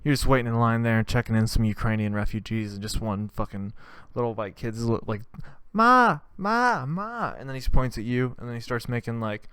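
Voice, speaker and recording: Rambling profane man, smooth dry voice. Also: on the low side, little pitch movement, fast talker, hardly any pauses, no room sound. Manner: rambling, profane, acts out scenes. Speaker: podcast host. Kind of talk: comedic monologue.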